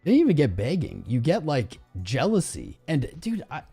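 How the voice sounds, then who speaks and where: A man's voice: a little high, moderate pace, slightly rough, soft background music. A young man hosting a crypto trading livestream, ranting casually and talking straight to his viewers with slang like "man" and "bro". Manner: animated, slangy, talks to viewers as "guys" and "man".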